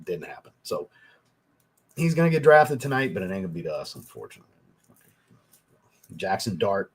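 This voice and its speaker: Reading viewer comments on his casual livestream, this young fragrance reviewer speaks fairly quickly in a low, slightly rough voice with big swings in pitch. He rambles and curses the more worked up he gets.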